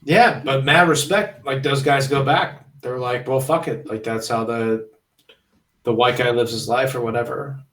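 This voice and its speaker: A man's voice: medium pitch, steady tone, measured pace, fairly bright tone. Brief: young male guest, rambling laid-back talk, echoey room, off-mic. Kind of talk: casual chat, storytelling. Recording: roomy, from a distance.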